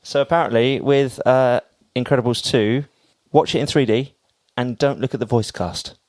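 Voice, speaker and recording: A man's voice: medium pitch, steady tone, normal speed, darkish tone, no echo. A man co-hosting a podcast, chatting casually and jokingly as he reads entertainment news from his notes. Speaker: podcast co-host. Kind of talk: casual chat.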